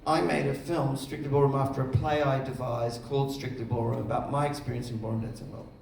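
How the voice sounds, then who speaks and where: A middle-aged film director telling lively anecdotes during an on-stage festival conversation, acting out the voices of other people. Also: male voice, mid-range voice, fast talker, vocal fry, slight background noise. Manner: animated storyteller, acts out other voices. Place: festival stage before an audience. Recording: echoey room, mic at a distance.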